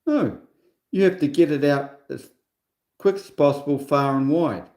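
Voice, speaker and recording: A man's voice: on the high side, moderate pace, a little mellow, echoey room. A man in his sixties hosting a livestream in a rambling, casual monologue, scornful and full of chatty asides. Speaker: livestream host.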